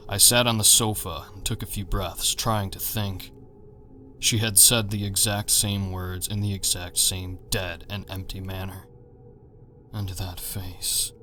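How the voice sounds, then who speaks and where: A man narrating a horror story in a measured, tense manner. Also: sits low, flat delivery, pushed and bright, faint music behind.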